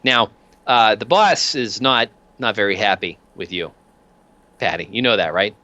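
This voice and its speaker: A man's voice: lowish voice, a little slow, bright, forceful tone. A man voicing a cheerful, menacing male debt collector who makes threats in a chummy, wheedling way, on lo-fi call audio.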